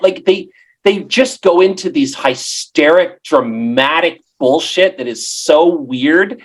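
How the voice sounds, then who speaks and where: A woman hosting a podcast, chatting casually with blunt, expressive reactions. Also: low voice, takes it slowly, husky. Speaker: podcast host. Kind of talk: casual chat.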